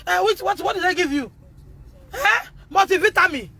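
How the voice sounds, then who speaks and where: A Nigerian mother in a self-recorded phone video, talking in a distressed, pleading way, repeating herself and breaking into shouts. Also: very high-pitched, expressive, normal speed.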